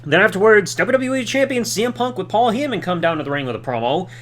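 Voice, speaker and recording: Lively high-voiced man, sarcastic recap. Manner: sarcastic, quick asides and mocking voices. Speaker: podcast host. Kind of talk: casual recap commentary.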